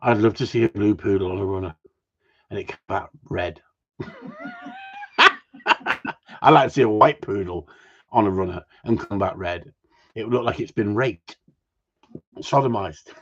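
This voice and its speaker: Casting: husky, lively bloke, crude teasing banter, lo-fi sound. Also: male voice, lowish voice, measured pace, long pauses. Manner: swears freely, teasing, laughs often. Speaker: host of a gundog group chat. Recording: dull lo-fi sound.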